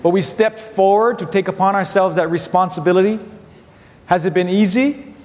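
A man in his fifties preaching a sermon as a pastor, telling stories with animated repetition and acting out his family's voices. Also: sits high, moderate pace. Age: 50s. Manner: animated storytelling, repeats phrases, acts out family voices. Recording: long hall reverb.

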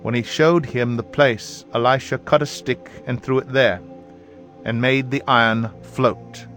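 A man reads scripture aloud at a measured, even pace. His voice sits at an ordinary middle pitch for a man. Soft music plays quietly behind him. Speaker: Bible reader. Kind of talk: scripture reading. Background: faint background music.

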